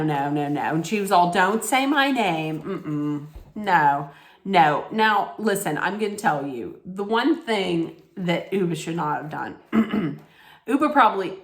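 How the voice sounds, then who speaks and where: A woman ranting in a casual recap vlog, blunt, scolding and full of profanity. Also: fairly low pitch. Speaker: reality TV recap vlogger. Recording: echoey room.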